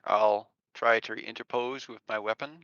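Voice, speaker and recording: A man's voice: on the low side, steady tone, moderate pace, fairly bright tone, no room sound. A man playing a tabletop game, stating his plan in a matter-of-fact way over a dull lo-fi mic. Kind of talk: casual game chat.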